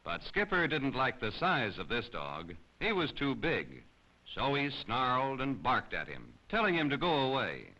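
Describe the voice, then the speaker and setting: Animated male storybook narrator. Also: medium pitch, measured pace. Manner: expressive, animated. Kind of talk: children's storybook reading. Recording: slightly dull lo-fi recording.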